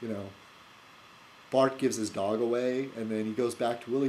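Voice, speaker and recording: A man's voice: mid-range voice, moderate pace, a little hiss or hum, poor audio. A man hosting his own video blog, talking in a loose, rambling way with many fillers and restarts. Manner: animated, laughs at his own jokes. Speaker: video blogger. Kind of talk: casual rambling monologue.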